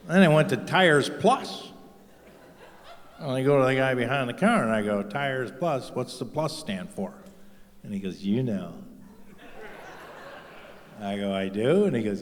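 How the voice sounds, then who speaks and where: A man doing a profane stand-up routine on stage, telling deadpan stories and acting out the other people in them. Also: medium pitch, normal speed, long pauses, slight background noise. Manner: profane, deadpan storytelling with acted-out voices. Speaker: stand-up comedian. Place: theater stage with live audience. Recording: live hall reverb.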